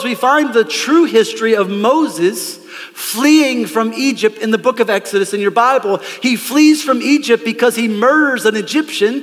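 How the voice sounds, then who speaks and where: A man preaching a lively, conversational sermon from a church stage, calling out to the congregation. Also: very high-pitched, long reverb tail. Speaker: pastor. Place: church sanctuary.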